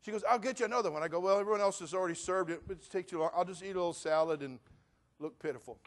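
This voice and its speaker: A male pastor preaching a sermon, swinging from loud rants to quiet asides. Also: sits high, very fast. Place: church.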